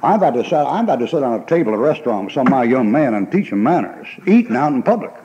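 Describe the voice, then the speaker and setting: A man's voice: mid-range voice, sing-song, fast, warm tone, dull audio. A male pastor, preaching a folksy, emphatic sermon and acting out the people in his stories with laughter.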